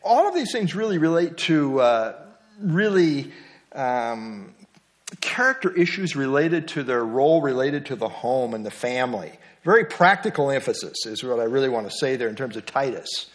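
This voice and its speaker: A man's voice: medium pitch, animated, normal speed. A middle-aged man teaching a Bible study lesson. He talks conversationally, asks the class questions and adds small jokes.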